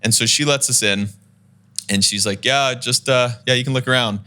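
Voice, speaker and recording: A man telling a long, lively story in a casual podcast chat, laughing as he goes and acting out the people in it. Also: mid-range voice, moderate pace, smooth. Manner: animated storyteller, laughs while talking, acts out the people in his story.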